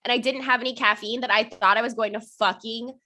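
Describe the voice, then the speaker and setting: Bright-voiced chatty young woman. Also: fairly high pitch, fairly even intonation, fast. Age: young adult. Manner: chatty, swears a lot, laughs often. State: hiccups. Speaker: podcast co-host. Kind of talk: casual chat.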